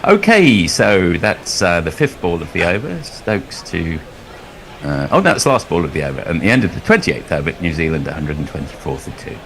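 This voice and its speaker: A man's voice: deep voice, big pitch swings, fairly quick, creaky, fairly bright tone. A man commentating on cricket ball by ball, drifting into a long, chuckling anecdote between deliveries. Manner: rambling storyteller, chuckles often.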